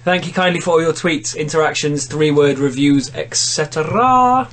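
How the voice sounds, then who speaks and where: A man's voice: fairly high pitch, normal speed, a bit bright, a little hiss or hum. A man hosting a casual podcast, reading a silly story aloud and laughing often. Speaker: podcast host.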